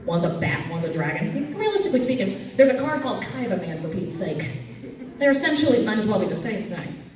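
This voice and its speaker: A woman telling comic stories on stage at a convention, lively and quick to leap into squeaky voices. She sounds far from the mic, and the sound rings around a big echoey hall. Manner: animated, jumps to squeaky highs for quoted fans. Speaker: cosplay comedian. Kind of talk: stand-up comedy storytelling. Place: convention panel room.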